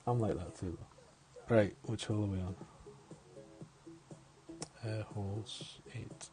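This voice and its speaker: A man's voice: fairly low pitch, slow pace, long pauses, mellow. A man giving casual live-stream commentary on a game, chatty, thinking aloud and chuckling often.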